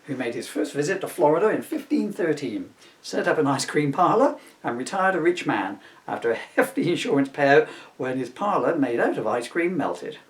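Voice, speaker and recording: A man's voice: a little high, lively intonation, normal speed, distant mic. A man reading his own comic book aloud, often laughing at his jokes and breaking off for asides.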